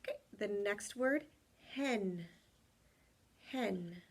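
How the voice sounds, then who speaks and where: Brief: female teacher, gravelly edge, slow patient spelling for small kids. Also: mid-range voice. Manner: slow, spells words letter by letter, encouraging. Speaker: kindergarten teacher. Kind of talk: spelling and tally lesson for young children.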